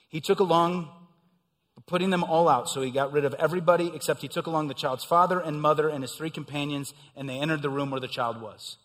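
A middle-aged man preaching a sermon, swelling into emphatic passages and then dropping quiet and low. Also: a little fast, big-room sound. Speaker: pastor.

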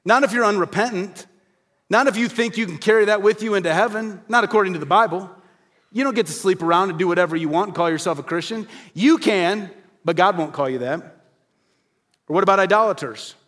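A male pastor preaching a sermon in an earnest, direct way, asking rhetorical questions and slowing to a quiet stress on key phrases. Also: sits high.

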